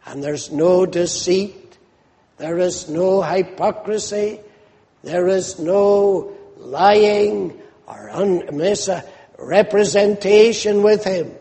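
Male preacher, very slow deliberate delivery, high voice, fervent emphasis. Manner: fervent, rising to loud emphatic declarations. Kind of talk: sermon. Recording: long hall reverb.

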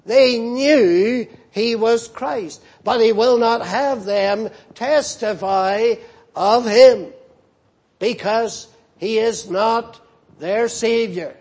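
A man's voice: very high voice, extremely slow, darkish tone. A man preaching a sermon, emphatic and repeating key phrases for weight.

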